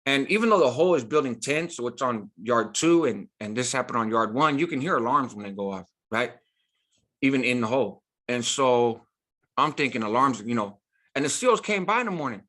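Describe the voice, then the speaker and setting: A man's voice: medium pitch, lively intonation, fairly quick, a bit bright. Man telling a prison story emphatically. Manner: emphatic, street slang, frequent "right?" asides. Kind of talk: casual storytelling.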